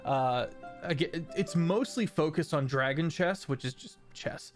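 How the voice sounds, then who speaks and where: A man narrating a tabletop game as game master, unhurried and full of fillers. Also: on the high side, faint music behind. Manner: unhurried, hesitant with many fillers.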